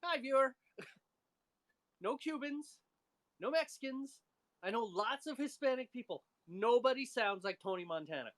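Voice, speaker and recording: A woman co-hosting a homebrew show, chatting casually on a live stream, animated and teasing with frequent laughs. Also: fairly high pitch, moderate pace, pauses often.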